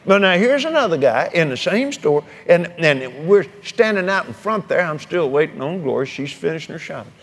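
A man's voice: on the high side, very animated, moderate pace, hardly any pauses. A man preaching a sermon, telling folksy stories and urging his listeners with fervor. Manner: folksy storytelling preacher, fervent.

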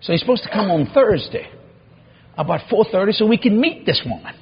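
Pastor in his fifties, lively storyteller, acts out every voice, high and swooping, dull lo-fi sound. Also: a little fast, a little hiss or hum. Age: 50s. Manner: animated, acts out dialogue, laughs often. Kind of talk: storytelling sermon.

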